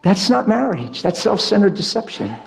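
A man's voice: high voice, sing-song, normal speed, gravelly, a little mellow. A man preaching a sermon, telling his own story with spontaneous, emphatic delivery and acted-out quotes. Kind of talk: sermon with personal testimony.

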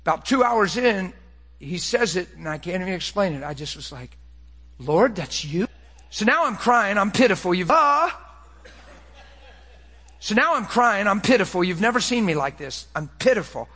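A middle-aged man preaching a personal testimony, swinging between hushed, quiet passages and excited, impassioned bursts. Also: high voice, moderate pace, long reverb tail. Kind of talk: sermon testimony.

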